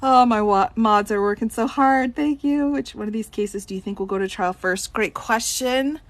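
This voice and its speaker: A woman's voice: on the high side, moderate pace, no echo. Giggly woman lawyer live-streaming Q&A. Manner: giggly, reads out chat questions and answers them. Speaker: attorney answering viewer questions.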